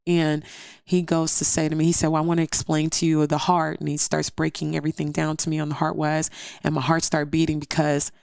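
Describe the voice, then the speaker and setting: A woman's voice: sits low, completely flat delivery, brisk, creaky, darkish tone, smooth, dry recording, clean studio sound. A woman guest telling a personal story in an interview, earnest and step by step, acting out what others said. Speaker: podcast guest.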